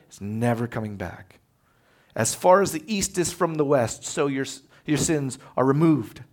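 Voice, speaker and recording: A man preaching a sermon as pastor, animated and conversational, acting out quotes as he tells stories. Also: medium pitch, measured pace. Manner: animated storytelling, acts out quotes.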